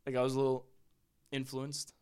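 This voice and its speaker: A man's voice: mid-range voice, completely flat delivery, a little fast, a little mellow, clean tone. Young man, podcast guest, casual storytelling, rambling, laughs a lot. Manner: rambling, heavy on "like" and "bro", laughs often.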